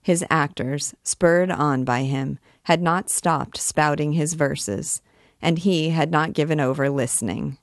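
A woman reading a classic novel aloud in a measured, expressive way as a guide to the book. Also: sits low, no room sound, clean studio sound.

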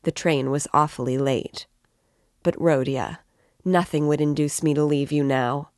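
A woman's voice: low voice, steady tone, a little slow, darkish tone, no room sound, clean studio sound. A woman voicing an anxious, tearful mother who pleads timidly. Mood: pleading.

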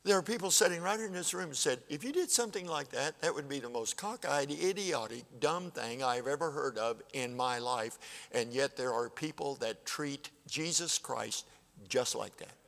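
A man's voice: medium pitch, expressive, normal speed, gravelly, a bit bright. An older man in his seventies preaching a sermon in a folksy, plainspoken way, acting out conversations. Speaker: pastor. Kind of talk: sermon with storytelling. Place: church sanctuary. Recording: church hall reverb.

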